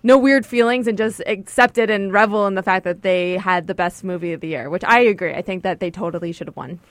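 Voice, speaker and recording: A woman co-hosting a casual podcast chat, telling a story with lively voice-acting of the people in it. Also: medium pitch, quick pace, no room sound. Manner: animated storytelling, mimics voices. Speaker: podcast co-host.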